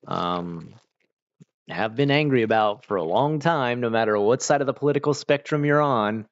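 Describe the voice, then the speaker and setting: Low gravelly man rambling on stream. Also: no room sound. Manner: rambling, hesitant, many fillers and restarts. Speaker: livestreamer reading chat. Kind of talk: casual livestream chat. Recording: dull lo-fi dry mic.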